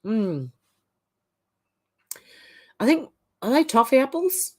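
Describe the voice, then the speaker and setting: A woman's voice: on the high side, sing-song, slow, warm tone. A woman hosting a livestream, reading out viewer comments and chatting back in a casual way. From Australia. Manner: chatty, reads viewer comments aloud and reacts. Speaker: livestream host. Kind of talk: reading out live chat comments.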